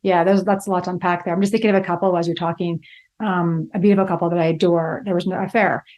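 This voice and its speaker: Woman therapist co-host, quick rushing talk, storytelling, casual podcast chat, brief. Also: fairly low pitch, level tone, a little mellow. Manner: tells client stories in a rush, with restarts. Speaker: relationship psychologist co-host.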